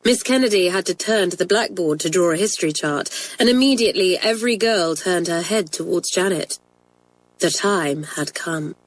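A woman narrating a children's story in a measured, expressive reading voice. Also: on the low side, dry recording, low-quality recording.

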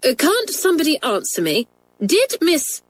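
A woman reading aloud puts on a stern schoolmistress from a storybook, a teacher whose voice is dry and clipped. She speaks sharply and is quick to grow suspicious. Her tone is pitched a little higher than a plain reading voice. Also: very animated.

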